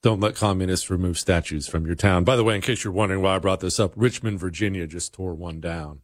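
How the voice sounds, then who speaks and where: A man's voice: deep voice, quick pace, no room sound, studio quality. A man hosting a talk radio show, speaking bluntly and emphatically in a conversational monologue.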